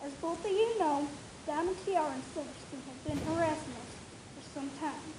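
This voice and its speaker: A scheming young farm filly pony with a twang talks in a high, girlish, commanding voice, as a woman acts her out in a storybook reading. The voice sounds distant and echoey. A noisy home recording hisses beneath it. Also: moderate pace, close to an everyday voice.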